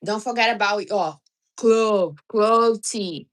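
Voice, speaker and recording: Woman, livestream host, casual chat, blunt and teasing, mid pitch. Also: slow pace. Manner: blunt, teasing advice with non-native grammar.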